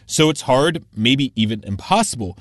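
A male radio reporter delivers a scripted news story in a measured, explanatory way. The sound is dry and close, with no room around it. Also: medium pitch, lively intonation, dry recording.

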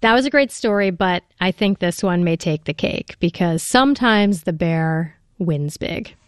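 A woman's voice: on the low side, lively intonation, measured pace, clear, resonant tone, no echo, studio quality. Upbeat woman hosting a radio show. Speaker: radio host.

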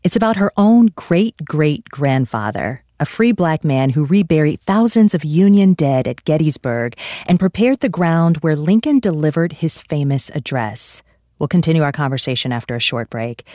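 A woman's voice: deep voice, animated, normal speed, dark tone, no room sound. Female interview host, scripted intros, dry booth. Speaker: radio host. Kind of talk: radio interview hosting.

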